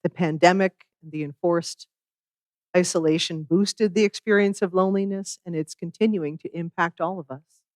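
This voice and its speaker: A minister giving a sermon in a measured, reflective way, with wry asides. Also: medium pitch, steady tone, no room sound, clean studio sound.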